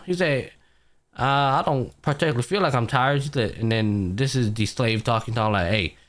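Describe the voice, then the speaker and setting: A young man co-hosting a podcast casually recaps an anime, acting out the characters' lines with lots of slang and swearing. His voice is medium-pitched with a fairly bright tone, and the talk is casual chat.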